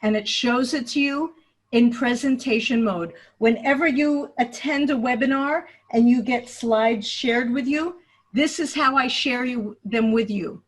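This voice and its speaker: A woman's voice: a little high, unhurried. A woman leading a video-call webinar, explaining a computer task step by step and thinking aloud as she goes. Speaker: teacher trainer leading a webinar. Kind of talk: screen-share tutorial. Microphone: computer mic on a video call.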